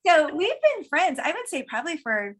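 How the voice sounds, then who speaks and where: A woman's voice: high voice, big pitch swings, normal speed. A woman hosting a casual interview about books, chatty and enthusiastic. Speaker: host.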